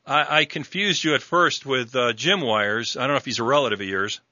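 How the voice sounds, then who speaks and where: A man's voice: mid-range voice, sharp tone, dry recording, lo-fi sound. A man from New York hosting a radio talk show, chatting with a guest and stumbling through lots of fillers and restarts. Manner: halting, many fillers and restarts. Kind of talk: casual radio interview.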